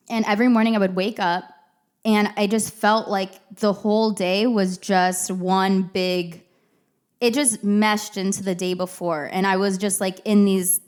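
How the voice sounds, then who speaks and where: Candid, chatty young mom host. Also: female voice, mid-range voice. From San Antonio, Texas. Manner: candid, chatty, many fillers like "like" and "you know". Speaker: podcast host. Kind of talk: casual heartfelt monologue.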